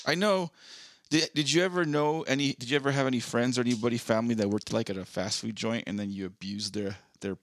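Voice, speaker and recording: A man's voice: medium pitch, quick pace. A young man co-hosting a podcast in casual chat, rambling and laid-back with lots of fillers. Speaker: podcast co-host.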